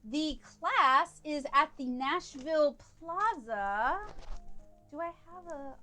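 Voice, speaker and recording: A woman's voice: high-pitched, lively intonation, slow pace, pushed and bright, faint music behind. A woman hosting an art livestream, chatting casually and rambling a little, with self-deprecating asides. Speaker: livestream host and artist.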